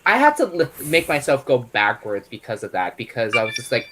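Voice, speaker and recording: A man's voice: mid-range voice, sing-song, brisk, a bit bright, slight background noise, low-quality recording. A man on a casual panel chat, rambling through a long story with many restarts. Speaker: panel guest.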